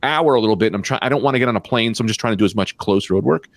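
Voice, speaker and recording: A man co-hosting a comedy podcast, telling stories in a fast, profane, animated rant. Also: no room sound. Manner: animated, profane, quick rants with pitch jumps. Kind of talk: casual storytelling chat.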